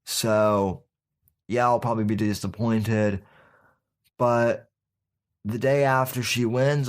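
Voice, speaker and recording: A male podcast host with a lowish voice talks slowly through his opinions. He is folksy and sarcastic, calls his listeners folks, and stops and restarts his sentences often. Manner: halting, with frequent fillers and restarts. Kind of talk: casual opinion commentary.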